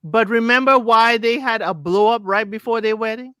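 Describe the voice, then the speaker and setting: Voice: mid-range voice, steady tone, normal speed, a bit bright, clean tone, no echo, studio quality. A co-host in a casual livestream chat, recapping episodes with frequent ums. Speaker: podcast co-host.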